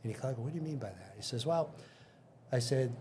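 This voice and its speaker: Warm and medium-pitched, this older man's voice has lively intonation and a brisk pace. As an interview guest he tells casual career stories, performs the conversations in them, and frequently restarts, with a little hiss or hum in the background.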